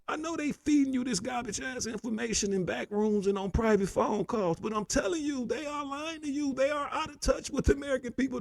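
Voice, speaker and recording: Man, profane heated rant, gravelly, high-pitched, dry. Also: quick pace, hardly any pauses, no room sound. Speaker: political commentary host. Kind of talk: ranting commentary.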